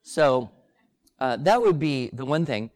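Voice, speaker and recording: Older man, co-host, relaxed conversational delivery, dry sound. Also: medium pitch, slow pace, no echo. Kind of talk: casual conversation before a live audience.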